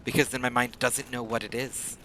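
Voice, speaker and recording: Man, game streamer, rambling casual chat, mid-pitched voice, steady background noise. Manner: rambling, often speeds up into rapid talk.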